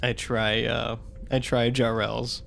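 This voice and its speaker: A young man at a tabletop game speaks slowly and mildly. He jokes with his friends and often laughs through his lines, with faint noise in the background. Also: medium pitch, little pitch movement, vocal fry, a bit bright. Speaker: player. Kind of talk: casual chat, playing a tabletop game.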